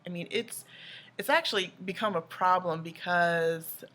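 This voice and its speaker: Bright-voiced woman vlogger, rambling and candid. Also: lowish voice, a little slow. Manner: rambling, candid, lots of fillers. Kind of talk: casual chat to camera.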